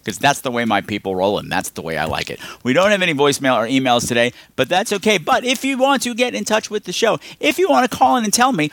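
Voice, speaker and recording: Animated, exasperated male podcast host. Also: fast talker, few pauses, no echo. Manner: rambling, exasperated, sarcastic; animated, with lots of pitch swings. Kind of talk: casual film review podcast.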